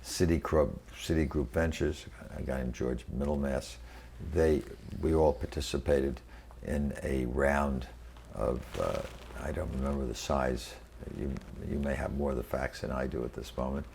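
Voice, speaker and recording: Man in his eighties, from New York City, oral history interview, hesitant with many restarts, very low gravelly voice. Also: steady tone, a little mellow, a little hiss or hum. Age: 80s. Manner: halting, many fillers and restarts. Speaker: interviewee, venture capitalist. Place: quiet room.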